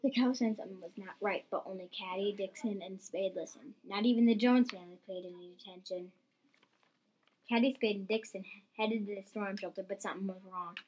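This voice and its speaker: Woman, storyteller, reads a homemade tale aloud, lively, middle pitch. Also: a little fast, breathy edge, rough recording.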